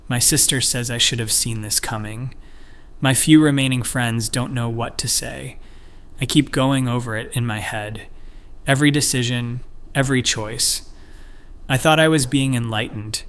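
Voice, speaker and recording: Male narrator for a read-aloud online story, mid-pitched, steady and measured delivery. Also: clear, resonant tone.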